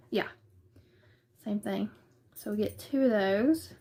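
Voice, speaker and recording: A woman's voice: medium pitch, a little slow, long pauses, a little mellow. A woman with a Southern US accent chatting casually through a quilting unboxing in her living room, hesitant and thinking aloud as she goes. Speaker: vlogger.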